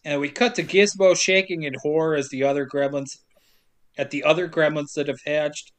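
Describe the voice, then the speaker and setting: Male co-host, slightly higher voice, casual comedic movie recap with goofy character voices. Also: fairly even intonation. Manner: jokey, slips into quick silly voices for characters. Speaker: podcast co-host recapping a film.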